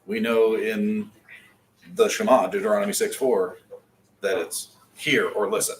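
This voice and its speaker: A man with a fairly low voice leads a beginners' class in a classroom. He is patient, correcting and repeating sounds for his students, and a faint ambient hum sits behind him. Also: level tone, a little slow. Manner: patient, coaching pronunciation. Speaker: Hebrew teacher. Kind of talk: classroom lesson.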